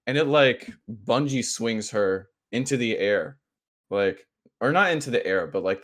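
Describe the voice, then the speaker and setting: A man's voice: on the low side, fairly bright tone. A young man co-hosting a podcast, telling a dream story in casual chat, laughing often and using many fillers. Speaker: podcast co-host.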